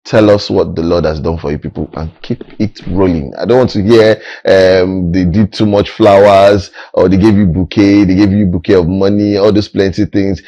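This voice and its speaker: Low, husky Nigerian man hosting TV. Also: steady tone, moderate pace, few pauses, warm tone, no room sound, low-quality recording. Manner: playful, joking banter with many fillers. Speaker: TV show host. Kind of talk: casual TV studio chat.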